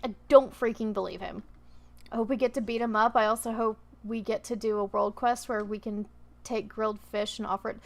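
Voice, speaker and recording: A woman's voice: a little high, steady tone, brisk, vocal fry. A woman streamer commenting on a video game, emotional and exclamatory. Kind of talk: gameplay livestream commentary.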